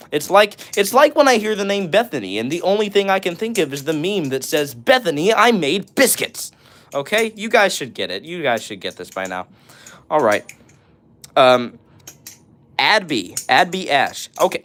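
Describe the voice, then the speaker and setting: A man with a fairly high voice hosts a casual live stream, reading out viewer messages and replying on the fly. He is excitable and jokey, and he often laughs.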